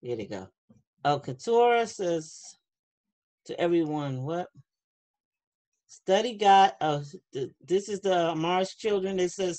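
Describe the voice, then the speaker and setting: Speaking slowly with frequent pauses, this woman has a fairly low, darkish, expressive voice. She is an online youth class leader running an easygoing video-call session for kids, reading the chat aloud in a friendly, supportive manner.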